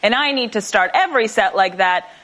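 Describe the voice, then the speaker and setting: A woman from Russia doing a stand-up set, landing her punchlines in a brisk, deadpan way. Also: mid-range voice. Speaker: stand-up comedian. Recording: noisy stage recording with a laughing audience.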